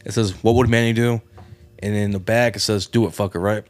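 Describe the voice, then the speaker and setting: A man co-hosting a podcast, talking in animated slang, saying bro a lot and swearing. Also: fairly low pitch, a little fast, dry recording. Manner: animated, slangy, says bro constantly, profane. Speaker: podcast co-host. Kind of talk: casual chat.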